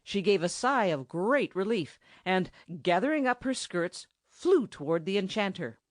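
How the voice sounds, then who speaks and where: A woman reading a children's storybook aloud in an expressive narrating style. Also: mid-range voice, unhurried, no echo, studio quality. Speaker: audiobook narrator.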